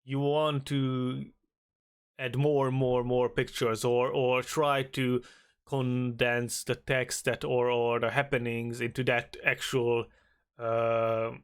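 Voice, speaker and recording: A man streaming a story game, reading its text aloud and chatting, often halting and restarting. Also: mid-range voice, clear, resonant tone. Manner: halting, with many restarts and fillers; shifts to a louder, animated voice when reading and acting out lines.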